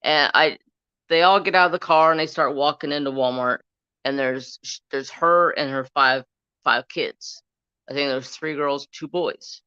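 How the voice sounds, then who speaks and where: Bright-voiced laid-back male streamer. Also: on the high side, clean tone, no room sound. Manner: laid-back storytelling, swears and laughs often. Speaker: livestream crafting host. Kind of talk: casual live-stream chat. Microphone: phone. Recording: dull lo-fi phone live stream.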